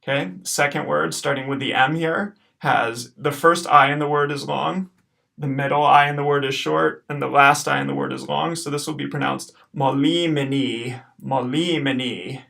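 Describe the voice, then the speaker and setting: A man teaches a recorded lesson, his voice carrying a gravelly rasp. He explains patiently and drags out each practice word slowly, cheering students on between drills. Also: a little high, little pitch movement, pushed and bright. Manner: patient, encouraging, slows to repeat words. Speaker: Latin teacher.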